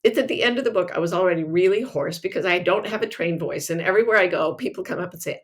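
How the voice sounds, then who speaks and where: A woman hosting a casual podcast who tells stories in an animated, self-mocking way and laughs often. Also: fairly low pitch, fast, hardly any pauses. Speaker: podcast host.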